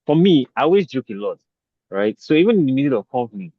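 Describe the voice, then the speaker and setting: A male podcast host chats in a relaxed way, laughing often and reaching for words with fillers. His voice sits at an ordinary middle pitch. The recording is slightly muffled and very dry, with no room sound. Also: quick pace, husky, no room sound. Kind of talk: casual conversation.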